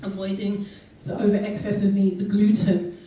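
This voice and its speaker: A woman's voice: mid-range voice, monotone, normal speed, warm tone, a little hiss or hum. A woman giving a health talk to an audience at an event, earnest and full of ums and restarts. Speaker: guest speaker. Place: event hall. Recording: echoey hall recorded from far off.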